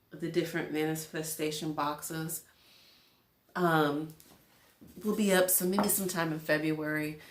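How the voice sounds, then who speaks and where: A woman's voice: deep voice, echoey room. A woman host giving a casual tarot reading to a camera at home, rambling and chatty with lots of fillers. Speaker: tarot reader. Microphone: camera in front of her.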